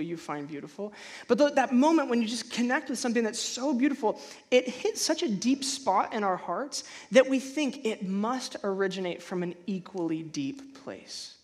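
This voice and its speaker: Animated conversational male preacher. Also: sits high. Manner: animated, conversational, frequent restarts and stammers; acts out feelings in sudden loud bursts. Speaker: pastor. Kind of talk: sermon.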